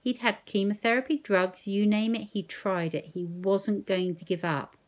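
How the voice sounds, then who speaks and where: A woman with a natural, medium-pitched voice reads a novel aloud at normal speed in a steady tone. She voices an elderly grandmother, gentle but firm, who speaks earnestly and coaxingly.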